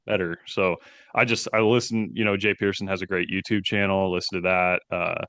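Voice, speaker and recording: A man co-hosting a podcast, talking in a measured, thoughtful way in casual chat. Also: low-pitched, flat delivery, fairly bright tone, dry recording. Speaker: podcast co-host.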